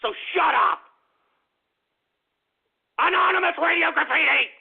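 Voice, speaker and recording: A man's voice: very high voice, a little slow, creaky. A man hosting a radio call-in show, swearing and venting his exasperation between callers. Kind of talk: profane call-in radio rant. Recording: tinny phone-like line.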